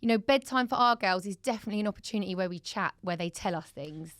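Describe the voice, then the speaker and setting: A woman, co-hosting a casual podcast and telling a story with lively acted-out quotes. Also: mid-range voice, fast talker, no echo. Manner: animated storyteller, acts out voices in quotes. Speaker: podcast co-host. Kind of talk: casual chat.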